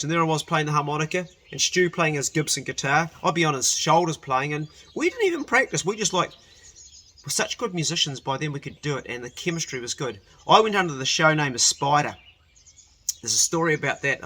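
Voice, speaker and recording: Older guy telling a rambly story, keeps correcting himself, bright kinda sharp voice. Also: a little high. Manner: rambling, self-correcting, laughs while telling. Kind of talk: casual personal storytelling.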